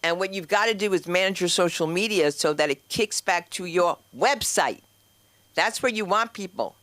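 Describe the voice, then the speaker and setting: A woman's voice: fairly low pitch, moderate pace, fairly bright tone, dry recording. A woman hosting an open mic at a small comedy club and teaching comedy, telling blunt, swearing stand-up anecdotes on a handheld mic. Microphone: handheld stage mic.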